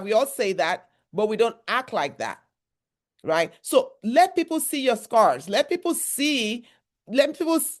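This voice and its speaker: A woman from Nigeria, a therapist giving a motivational workshop talk in a conversational, repetitive style with emphatic asides. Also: fairly high pitch.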